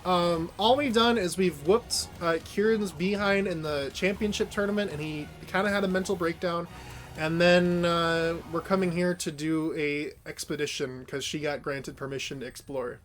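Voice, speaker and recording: A man's voice: fairly high pitch, fairly even intonation, moderate pace, a bit bright, faint music behind. A male streamer giving casual, rambling let's-play commentary while reading game dialogue. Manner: chatty, rambling, self-correcting.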